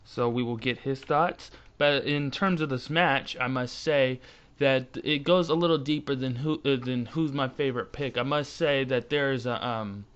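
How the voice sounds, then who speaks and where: A man's voice: medium pitch, moderate pace, fairly bright tone, smooth. A man hosting a podcast, speaking in formal phrases with hesitant fillers, over dull lo-fi call audio. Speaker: host.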